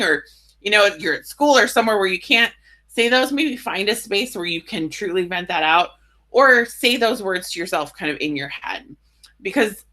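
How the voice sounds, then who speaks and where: A woman leading a guided EFT tapping session, explaining in a casual way and then slowly speaking affirmations for the listener to repeat. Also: medium pitch. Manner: gentle, instructive, slows for affirmations; casual, uses "right?" and "like" often.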